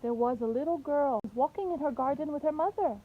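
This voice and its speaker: A woman's voice: high-pitched, fast talker. A woman teaching a young child outdoors, patiently asking questions and telling a story. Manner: patient questioning, coaxing answers. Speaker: home teacher. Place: outdoors in a garden. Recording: tinny phone-like sound, faint noise.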